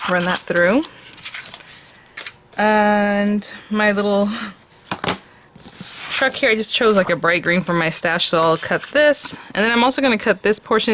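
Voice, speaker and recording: A woman's voice: lowish voice, fairly bright tone, slight background noise. A woman hosting a craft tutorial, chatting casually and thinking aloud as she works.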